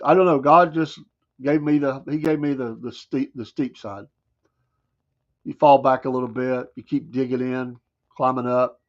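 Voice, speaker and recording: In lo-fi sound, a medium-pitched man with a Southern American accent hosts a morning talk show. He gives a casual talk radio monologue, riffing folksily and wryly with mocking asides.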